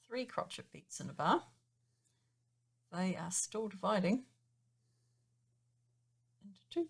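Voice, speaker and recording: A woman's voice: medium pitch, expressive, slow pace, creaky, slightly rough. A woman piano teacher patiently explaining time signatures and counting beats aloud in a chatty way. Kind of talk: explaining music theory in a lesson.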